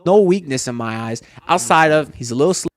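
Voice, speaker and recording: A man's voice: a little high, expressive, brisk. A man in an older video talking casually about the team's players, rambling and opinionated. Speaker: host in an old clip. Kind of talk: casual sports commentary video.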